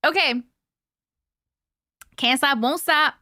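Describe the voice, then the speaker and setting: Bright-voiced woman in her thirties, chatty. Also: sits high, takes it slowly, no room sound, clean studio sound. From Colorado. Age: 30s. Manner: chatty, giggly, reads viewer comments aloud. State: sleepy, yawning. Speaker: live-stream host. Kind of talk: casual livestream chat.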